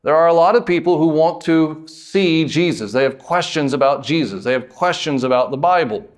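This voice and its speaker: A man from the United States preaching a sermon as pastor, emphatic, drawing out words and lifting suddenly in pitch and volume, with folksy asides. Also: normal speed.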